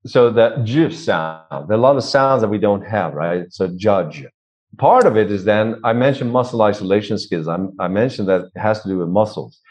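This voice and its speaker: A man's voice: lowish voice, expressive, a little fast, a little mellow, lo-fi sound. A man from Sweden with a Swedish accent, a vocal coach explaining voice technique in an interview and demonstrating sounds aloud.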